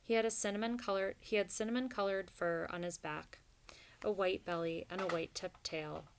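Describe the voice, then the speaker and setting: A woman narrating a storybook in a steady, even reading voice. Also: medium pitch, normal speed, clean tone. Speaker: audiobook narrator.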